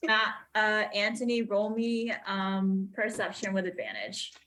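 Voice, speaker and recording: Relaxed woman game master. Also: medium pitch, unhurried, rough recording. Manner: relaxed, with frequent ums. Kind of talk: narrating a tabletop game.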